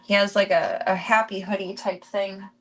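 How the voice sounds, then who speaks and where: A woman's voice: medium pitch, little pitch movement, normal speed, a bit bright. A woman streamer chatting casually and rambling as she moves around her home, slipping into baby talk with her cats. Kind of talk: casual live-stream chat.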